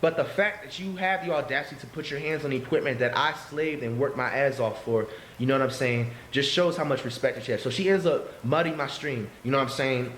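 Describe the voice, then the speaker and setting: A man's voice: mid-range voice, quick pace, hardly any pauses, fairly bright tone, a little hiss or hum. Aggrieved man in an echoey room. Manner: aggrieved, repeats "you know what I'm saying". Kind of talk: ranting to stream viewers.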